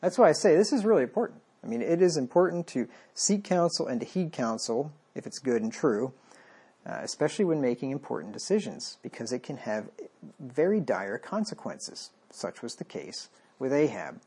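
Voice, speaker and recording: A man's voice: medium pitch, very animated, normal speed, warm tone, husky. A man preaching a conversational sermon, reading scripture aloud and wryly acting out the lines of the people in it. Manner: conversational, wry, acts out the king's lines.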